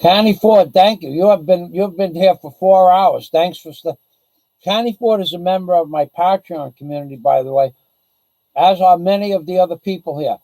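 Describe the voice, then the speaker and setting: Gravelly, blunt-talking male streamer. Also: high voice, moderate pace, warm tone, no echo, rough recording. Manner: rambling, boastful, blunt, with restarts. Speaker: livestream host. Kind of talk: casual livestream chat. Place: the Philippines.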